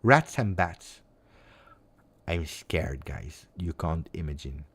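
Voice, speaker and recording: A man's voice: a bass voice, animated, slow, a bit bright, slightly rough. A man with an Italian accent who hosts a football channel, chatting casually and rambling expressively on a live stream with lots of fillers.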